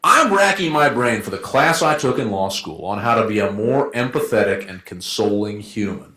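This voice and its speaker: Lively joking man in an echoey room. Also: lowish voice. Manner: joking, rhetorical, quick back-and-forth asides. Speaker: debater, law firm associate. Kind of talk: informal debate argument. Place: event room.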